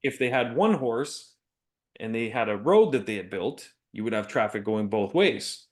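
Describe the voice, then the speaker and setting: A man's voice: on the low side, animated, normal speed, darkish tone. A man co-hosting a business podcast, talking casually, telling stories and laughing often. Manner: chatty, laughs often, storytelling. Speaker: podcast co-host.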